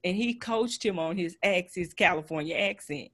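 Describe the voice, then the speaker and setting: A woman's voice: fairly low pitch, normal speed. A woman from Texas with a light Southern twang, hosting a podcast in casual chat and laughing often. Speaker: podcast host.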